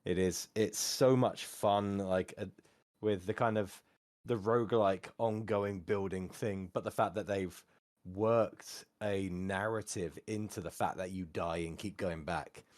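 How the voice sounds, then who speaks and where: A man with a somewhat low voice talks casually as a podcast co-host. He rambles, restarts and fills pauses with plenty of ums and likes. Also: fairly even intonation, darkish tone. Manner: rambling, many fillers and restarts. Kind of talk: casual chat.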